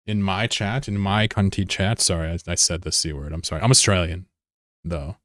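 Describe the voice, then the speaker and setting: Low-voiced joking male streamer, dry sound. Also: steady tone, normal speed, no echo. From United States. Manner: joking, rambling, answers chat messages. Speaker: live streamer. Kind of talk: casual live-stream chat.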